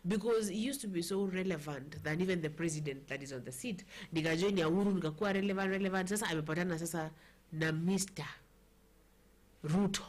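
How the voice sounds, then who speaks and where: A talk show host with a Kenyan accent runs a casual political chat show, chatty and playful, switching languages mid-sentence. Her voice is lowish and she talks at a quick pace.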